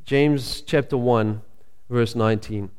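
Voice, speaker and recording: A man's voice: medium pitch, steady tone, darkish tone, smooth. Man preaching a sermon in an echoey church. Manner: conversational storytelling with frequent 'uh' pauses. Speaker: pastor. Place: church sanctuary. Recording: long reverb of a church hall.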